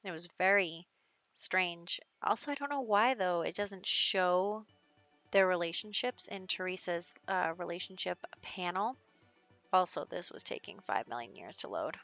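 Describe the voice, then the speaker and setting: A woman's voice: fairly low pitch, lively intonation, a little slow, fairly bright tone, soft background music. A young woman casually narrating her gameplay as the show's host, telling the story in a chatty way with fillers. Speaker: gaming video host.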